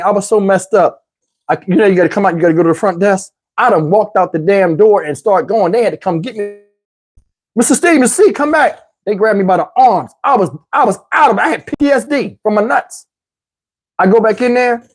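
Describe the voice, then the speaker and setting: A man telling a wild personal story in a casual, animated, slangy way, swearing freely. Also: high voice, fast.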